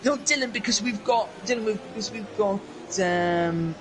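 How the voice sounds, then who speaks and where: A man's voice: high-pitched, normal speed, noisy background. A young man casually chatting on a live stream while playing a racing game, rambling and answering viewers in chat. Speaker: racing league streamer and commentator.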